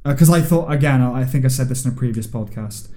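A young man co-hosts a casual podcast chat. His voice is mellow and dark-toned. He talks reflectively and often stops to restart a thought. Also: medium pitch, fast talker. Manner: reflective, chatty, with many restarts. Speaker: podcast co-host.

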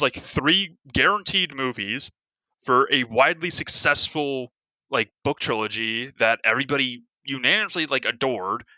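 Bright, dry-voiced young-sounding man chatting. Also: medium pitch, no room sound. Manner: rambling, filler-heavy, lots of "like". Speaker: podcast co-host. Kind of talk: casual chat.

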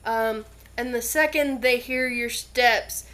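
Game master, female, unhurried and giggly narration, slightly high voice. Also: pushed and bright. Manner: unhurried, hesitant with many ums, giggly.

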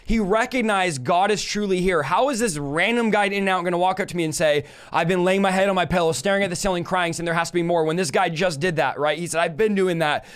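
A young man hosts a ministry talk show with fervent storytelling and quick asides. His voice sits high and comes through smooth and clear. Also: fairly bright tone. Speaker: host.

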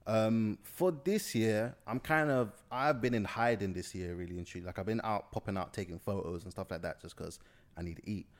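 A young South Londoner, a filmmaker appearing as an interview guest, talks casually in a London accent. His voice is lowish and brisk, and his slangy, rambling speech is full of restarts.

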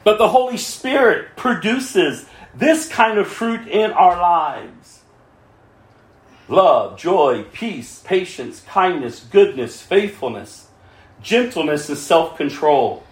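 Impassioned high-voiced male preacher. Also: sing-song, slow, echoey room. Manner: impassioned, swinging between cries and quiet pleading. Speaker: pastor. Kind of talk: sermon.

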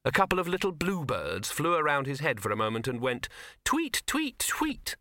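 A man's voice: mid-range voice, sing-song, brisk, sharp tone, no echo. A man narrating a comic fantasy audiobook in a dry storytelling manner. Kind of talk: scripted narration.

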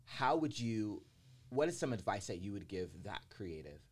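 A man hosting a podcast, encouraging and affirming, asking his guest questions in a relaxed chat. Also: lowish voice, normal speed, breathy edge. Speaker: podcast host. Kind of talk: casual podcast conversation.

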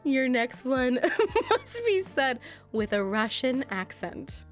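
A woman's voice: sits high, sing-song, slow, faint music behind. A woman co-hosting a casual podcast, bubbly and giggling often between lines. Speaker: podcast co-host. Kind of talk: casual chat, party game.

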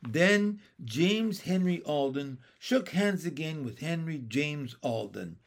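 A man reads a children's chapter book aloud in a slow, unhurried way. His pitch moves a lot and sits a little high for a man, keeping the telling lively. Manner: slow, expressive reading. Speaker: narrator. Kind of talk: children's storybook reading.

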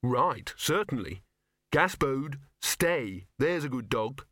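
A man's voice: mid-range voice, very animated, takes it slowly, fairly bright tone, dry recording, studio quality, pitched above the performer's own voice. A man playing Victor, a cautious earnest young man.

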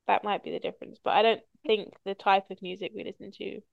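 Gravelly-voiced woman, lo-fi sound. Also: medium pitch, flat delivery, fast talker, dry recording. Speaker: podcast host. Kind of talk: casual chat. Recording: dull lo-fi recording.

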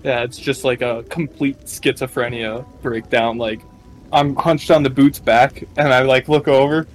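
A man playing a tabletop role-playing game, excitable and laughing often, swearing freely as he describes his character's actions. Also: medium pitch, a little slow, soft background music, low-quality recording. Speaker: player.

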